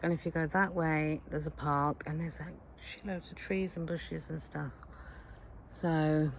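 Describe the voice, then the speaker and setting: A middle-aged woman, chatting and rambling in a casual vlog while driving, with frank, slangy asides. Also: sits low. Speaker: vlogger. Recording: loud road and car noise.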